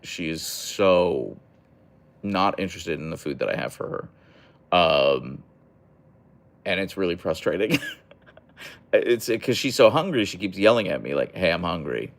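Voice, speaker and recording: A man's voice: sits low, expressive, a little slow, long pauses. A young man hosting a casual livestream, reading chat aloud and answering in a rambling, hesitant way with many fillers and restarts.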